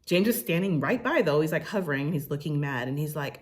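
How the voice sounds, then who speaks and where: A woman's voice: expressive, brisk, a little mellow. A young woman recapping a reality TV episode in a casual, opinionated way, full of fillers, sometimes mimicking the cast. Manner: chatty and opinionated, with frequent fillers; mimics cast members' lines in a higher voice. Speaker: recap host.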